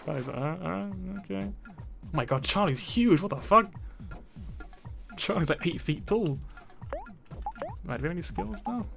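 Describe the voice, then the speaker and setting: A streamer giving casual gameplay commentary in quiet asides, with swearing and laughing. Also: medium pitch, lively intonation, measured pace, gravelly, pauses often. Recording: game music under the voice.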